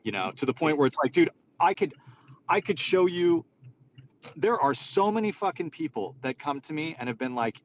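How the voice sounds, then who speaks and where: A man's voice: on the high side, very animated, moderate pace, lo-fi sound, a little hiss or hum. A man hosting a live audio chat, talking in a rambling, profane and exasperated way. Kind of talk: casual chat.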